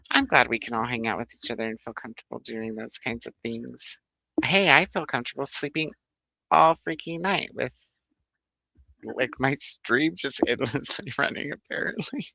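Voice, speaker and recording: A man's voice: medium pitch, gravelly, pushed and bright, dry recording. A man hosting a book club livestream, chatting casually, rambling, laughing often and reading out viewer comments.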